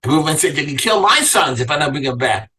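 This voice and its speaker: A man's voice: on the high side, sing-song, fast talker, sharp tone, breathy edge, far from the mic, poor audio. A man teaching a Torah class as a rabbi, reading verses aloud and then asking his listeners pointed questions. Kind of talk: Torah lecture to a live class.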